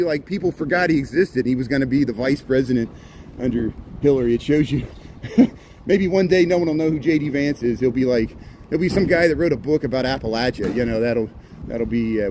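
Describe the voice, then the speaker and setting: A man's voice: mid-range voice, a little mellow. A man giving rambling, chatty walking commentary on city streets, with sarcastic asides, recorded on a handheld phone. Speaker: walking tour vlogger. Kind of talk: casual live-stream walking commentary. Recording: street noise and passing traffic.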